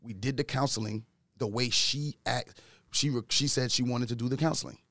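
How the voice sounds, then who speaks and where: A man talking earnestly from his own experience in a casual discussion, getting louder and higher when he retells an argument. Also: steady tone, normal speed, no echo, studio quality. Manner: earnest, speaks from personal experience.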